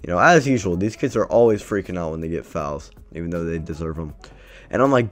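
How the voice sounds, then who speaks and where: A man's voice: low-pitched, lively intonation, fairly quick. A man vlogger telling a story casually, swearing a lot and sounding exasperated. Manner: profane, exasperated, rambling.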